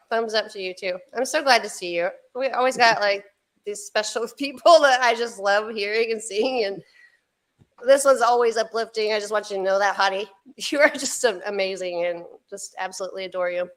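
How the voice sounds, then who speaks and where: A woman's voice: mid-range voice, normal speed. A woman in her fifties hosting a casual podcast livestream, chatting with a co-host and greeting viewers with frequent laughter. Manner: bubbly, laughs often, chatty asides to viewers.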